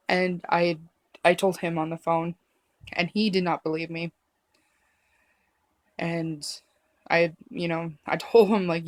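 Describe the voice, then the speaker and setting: A woman telling a personal story to camera in a halting, emotional way, with many fillers and restarts. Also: lowish voice, level tone, dry recording. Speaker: vlogger.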